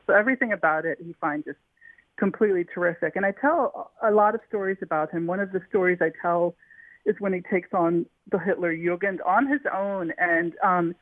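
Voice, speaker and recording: A woman's voice: on the low side, fairly quick, dry recording. Woman author telling stories over the phone. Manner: eager, with frequent restarts and fillers. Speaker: author being interviewed. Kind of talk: animated storytelling in an interview. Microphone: telephone. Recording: tinny phone line, dry.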